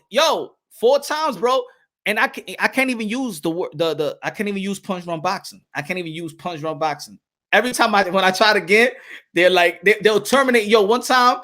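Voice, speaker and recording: A man hosting a casual boxing livestream with a high, bright voice. He talks in an excitable, slangy way and often breaks into shouts. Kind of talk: casual livestream chat reading viewer comments.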